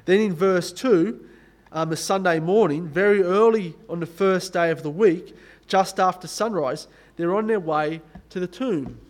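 A man with a high, light voice preaches a sermon in a conversational way. He reads scripture aloud, then slows and softens for the solemn moments before picking back up.

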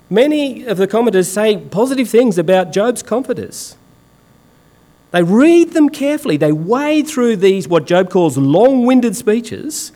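Aussie guy preaching, slightly high voice, swings up and down a lot, punchy and sarcastic. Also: a little mellow. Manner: emphatic, sarcastic, colloquial. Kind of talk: sermon.

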